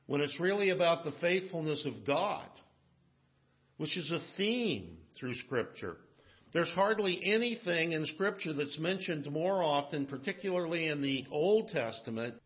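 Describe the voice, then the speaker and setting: A man preaching a sermon as pastor, swinging between emphatic, raised lines and hushed, low asides. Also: highs cut off.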